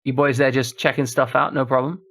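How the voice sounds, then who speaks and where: A man's voice: medium pitch, little pitch movement, fairly quick, a bit bright. A man streaming a horror game, talking casually through a puzzle and chatting to his viewers as he plays. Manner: thinks aloud while solving a puzzle, chats to viewers. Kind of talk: casual gameplay commentary.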